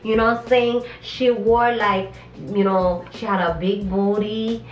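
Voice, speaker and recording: A woman's voice: mid-range voice, fairly even intonation, a little slow, echoey room, distant mic, muffled recording, soft background music. Slangy, rambling woman comedian. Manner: loud, slangy, rambling, full of tag questions. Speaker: comedian and radio show host. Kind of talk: casual comedy interview chat.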